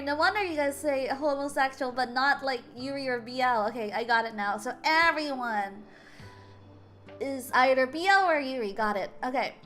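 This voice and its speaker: A young woman streamer reading game dialogue aloud between chatty, animated stories, often stumbling over words and laughing. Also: high-pitched, moderate pace, soft background music. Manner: animated storytelling.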